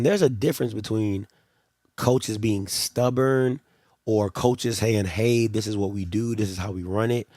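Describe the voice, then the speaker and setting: Male livestream host, middle pitch, creaky edge, rambling and exasperated casual commentary. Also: darkish tone, no echo, clean studio sound. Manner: rambling, exasperated, repeats himself.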